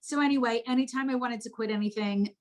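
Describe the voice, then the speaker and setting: Speaking fairly high and quickly, this middle-aged woman from New Jersey shares her life story from home as a guest. She's frank and expressive, with swearing dropped in casually.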